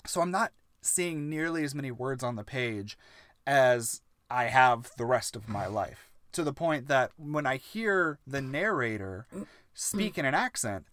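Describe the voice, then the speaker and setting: A man's voice: mid-range voice, animated, unhurried, fairly bright tone, dry recording. A young adult man co-hosting a podcast, chatting casually with playful, enthusiastic asides. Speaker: podcast co-host. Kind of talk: casual chat.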